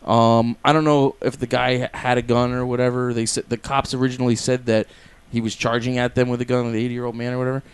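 A man's voice: mid-range voice, flat delivery, fast talker, clean tone. A man co-hosting a casual comedy podcast, telling a news story loosely with fillers and laughs. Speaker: podcast co-host. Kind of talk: casual chat.

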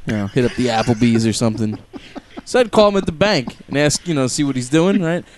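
A man's voice: medium pitch, lively intonation, quick pace, slight background noise. A man in casual banter with friends, rambling through a story and laughing often.

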